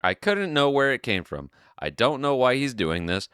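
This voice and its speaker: A man hosting a podcast, chatting casually and reading an online post aloud as an animated storyteller who swears freely. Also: mid-range voice, moderate pace, clean tone, no room sound, clean studio sound. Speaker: podcast host.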